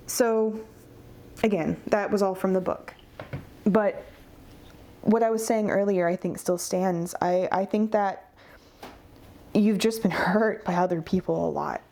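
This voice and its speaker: A woman's voice: mid-range voice, a little mellow. A woman giving a pick-a-card tarot reading, earnest and encouraging, speaking straight to the viewer. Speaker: tarot reader.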